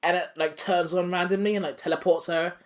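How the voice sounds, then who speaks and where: A man's voice: high voice, brisk. Man recapping with goofy voices. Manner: animated retelling with silly voices and swearing. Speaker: podcast host. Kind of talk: casual recap chat.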